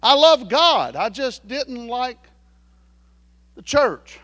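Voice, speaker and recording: A man preaching a sermon in a very high, bright voice. He tells a folksy story, dropping to a hush and then rising to shouts. The sound is dry and close. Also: sing-song, takes it slowly, no room sound. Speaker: pastor.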